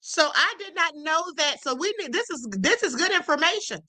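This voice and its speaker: A woman's voice: very high-pitched, expressive, normal speed, sharp tone. A woman hosting a livestream, chatting assertively and reassuringly about a court case. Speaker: livestream host. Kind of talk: casual commentary.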